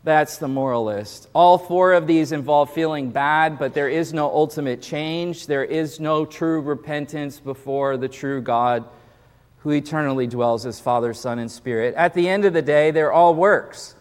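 A man delivers a sermon in a relaxed, talky style, doubling words as he presses each point. His voice sits a little high for a man. The recording carries a long reverb from a large sanctuary. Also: moderate pace. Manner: conversational preaching, repeats words, acts out quoted excuses. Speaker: pastor.

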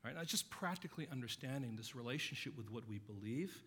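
A man preaching a sermon as pastor, earnestly stressing key words and dropping his voice low to tell stories. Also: lively intonation, quick pace, bright, forceful tone, breathy edge, big-room sound. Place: church sanctuary.

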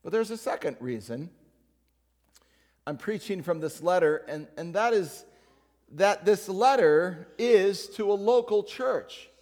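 A man's voice: sits high, expressive, unhurried, a little mellow. A man preaching a sermon as pastor, in a conversational style, joking with and addressing members of the congregation by name. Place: church sanctuary. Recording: long hall reverb.

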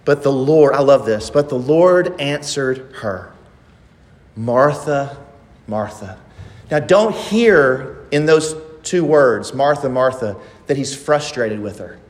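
A man preaching a sermon from the pulpit, pressing his listeners with emphatic rhetorical questions. His voice sits a little higher than most men's and rings out with a long reverb, as in a large church sanctuary. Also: animated, a little slow, hardly any pauses. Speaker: pastor.

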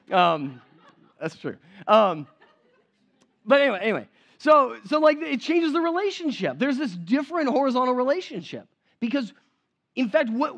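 A man with a fairly high voice preaches a sermon in a loose, chatty way and keeps asking whether his listeners are with him. The recording sounds a little dull and lo-fi. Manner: conversational, checks in with the congregation. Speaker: pastor.

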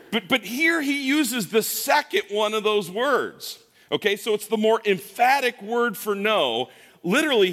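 Middle-aged male pastor, slightly high voice, relaxed humorous sermon delivery, echoing church sanctuary. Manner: casual, joking, animated preaching with frequent restarts. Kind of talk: conversational sermon. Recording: long church reverb.

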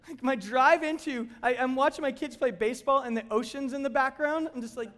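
A middle-aged male pastor delivering a sermon with a notably high-pitched voice. He preaches in an animated, emphatic way, building his points through repeated exclamations. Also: brisk.

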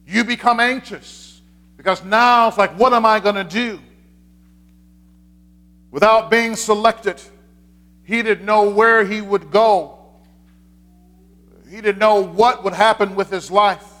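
Pastor, male, high-pitched, easy conversational preaching with repeated points. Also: fairly bright tone. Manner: conversational, repeats key points, frequent "uh" fillers. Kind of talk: sermon.

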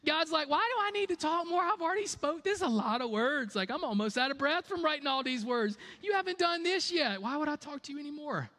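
A high, amused God teases and scolds a believer who never reads what he was sent, as a man acts him out mid-sermon. The voice leaps far above a speaking register, loud and bright with exaggerated surprise, gentle under the scolding. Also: expressive, brisk, hardly any pauses, exaggerated voice. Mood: chiding. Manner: teasing, exaggerated, high-pitched.

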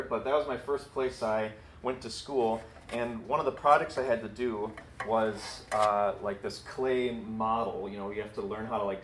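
A man's voice: on the low side, reverberant, slight background noise. A man preaching a sermon in a casual, storytelling and self-deprecating way. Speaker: pastor. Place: church building.

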